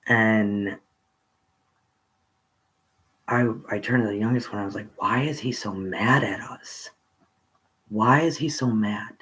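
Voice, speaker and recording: Man telling a rambling childhood story. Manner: rambling, with pauses and restarts, rising pitch when excited. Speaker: channel host telling a personal story. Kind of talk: casual storytelling.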